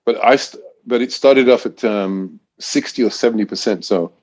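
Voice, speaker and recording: A man's voice: fairly low pitch, normal speed, a little mellow. A man in his sixties from Great Britain, a college throws coach telling stories in a casual interview, rambling with frequent restarts.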